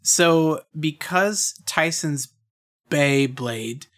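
A man's voice: a little high, very slow, a bit bright. A man co-hosting a cartoon recap podcast, talking casually with many fillers and laughs. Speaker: podcast co-host. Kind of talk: casual chat.

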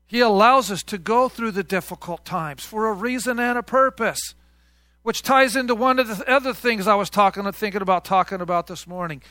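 Bright, high-voiced male pastor preaching. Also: fairly even intonation, fairly quick, no room sound, clean studio sound. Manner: conversational, call-and-response with congregation. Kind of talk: sermon.

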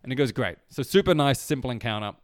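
A man's voice: medium pitch, fast, no echo, clean studio sound. A young Australian man telling funny stories in a casual chat, acting out the voices of the people in them. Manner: animated storyteller who acts out quotes. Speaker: guest.

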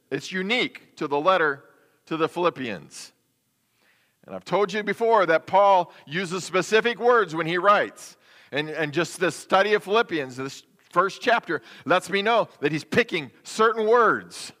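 A man's voice: high voice, lively intonation, a little slow, sharp tone. A man preaching a sermon as a pastor, in a conversational style with rhetorical questions. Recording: long hall reverb.

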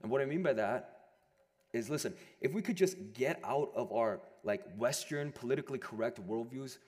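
A young adult man preaching a sermon to a room of listeners, animated, moving between loud emphasis and hushed quiet passages. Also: medium pitch, moderate pace. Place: large room with an audience. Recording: long hall reverb.

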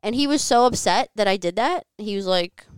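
A woman's voice: medium pitch, animated, brisk, smooth, no room sound. A woman guest telling a personal story in casual conversation, candid and frank, with plenty of "like" and the odd curse. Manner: frank, profane, filler-heavy with frequent "like". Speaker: podcast guest. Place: home living room.

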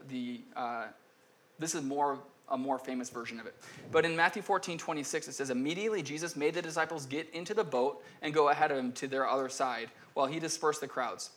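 Speaking a little fast in a somewhat high, fairly bright voice, a young man delivers a laid-back sermon as a pastor. He keeps it conversational, performs the voices in his story, and frequently starts his sentences over.

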